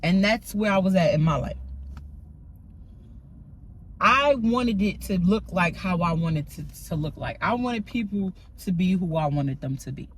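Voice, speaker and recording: A woman's voice: lowish voice, lively intonation, unhurried, slight background noise, low-quality recording. Woman giving a casual faith talk. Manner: conversational and emphatic, often checks in with "right?". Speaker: faith vlogger. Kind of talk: casual spiritual talk to camera.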